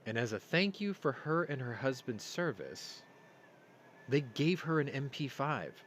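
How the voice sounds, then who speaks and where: A man hosting a casual live-stream chat, rambling through stories and getting loud and excited as he tells them. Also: mid-range voice, unhurried, a little hiss or hum. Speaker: podcast host. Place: home room. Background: yard work outside.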